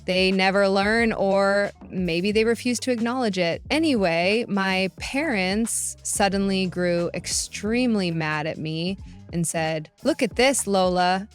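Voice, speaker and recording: A woman's voice: medium pitch, a little slow, smooth, faint music behind. A young woman telling her own family story in the first person, in a sarcastic and indignant way. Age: young adult. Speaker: narrator.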